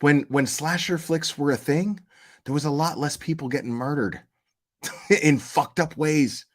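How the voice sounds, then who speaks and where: A man's voice: a little high, a little slow. Profane, rambling male stream host. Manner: rambling, profane, animated asides to chat. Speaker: commentary channel host. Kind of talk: casual livestream chat.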